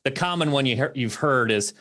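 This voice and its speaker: A man with a mid-range voice hosts a podcast interview. He thinks aloud as he builds his questions, often restarting a phrase before landing on it, in a relaxed and curious way. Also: mid-range voice, fairly quick. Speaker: podcast host.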